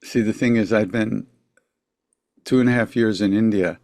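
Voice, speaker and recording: An older man, telling a story as a podcast guest, reflective, with quiet asides trailing off. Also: lowish voice, steady tone, normal speed, no echo. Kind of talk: storytelling in a conversation.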